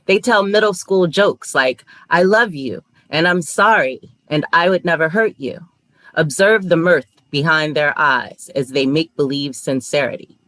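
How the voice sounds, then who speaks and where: A woman's voice: sits low, a little slow, a bit bright, no echo. A woman reading her poetry aloud at an online open mic over a video call.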